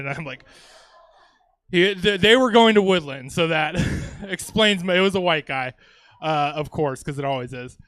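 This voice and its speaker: A man's voice: a little high, moderate pace, fairly bright tone, smooth, no room sound. A man from Louisiana doing a stand-up comedy set on a comedy theater stage, talking casually with swearing and chuckling asides.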